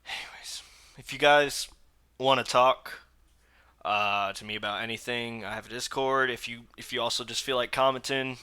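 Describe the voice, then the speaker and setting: A man's voice: mid-range voice, fairly even intonation, normal speed, pushed and bright, smooth. A young man hosting a reaction video, talking casually in an agitated, blunt way and repeating himself.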